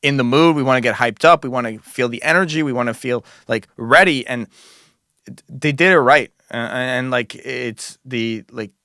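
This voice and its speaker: A man of middle pitch hosts a podcast, asking questions in a thoughtful, measured way with the odd "um." The recording is dry and close to the mic. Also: sharp tone, no room sound. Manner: thoughtful, measured, uses fillers like um. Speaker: podcast host, music engineer. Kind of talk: interview questions.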